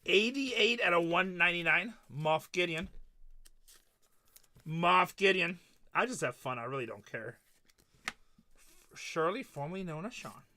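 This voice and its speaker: A middle-aged man hosts a live card break, joking around and ribbing his viewers one by one. His voice sits a little high and comes across bright and punchy. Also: lively intonation, measured pace, long pauses. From Texas. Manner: joking, trash-talking, teasing viewers by name. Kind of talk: live stream casual chat while opening cards.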